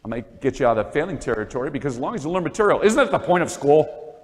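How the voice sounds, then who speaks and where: Male speaker addressing parents in a church, lively storytelling, voice ringing in a big reverberant hall. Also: fairly high pitch, rapid-fire. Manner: animated, acts out classroom dialogue. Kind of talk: motivational talk with storytelling.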